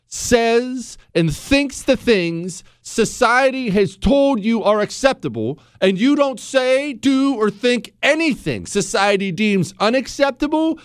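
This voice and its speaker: A man's voice: a little high, smooth, no room sound, studio quality. A man hosting a political talk show, speaking emphatically in a sarcastic tone and firing off rhetorical questions.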